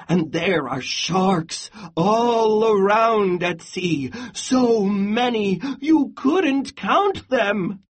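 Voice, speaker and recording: A reader voicing a cautious goat who warns about every danger, in a slow storybook read-aloud. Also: husky, heavily acted. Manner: slow, worried warnings, rising to high exclamations.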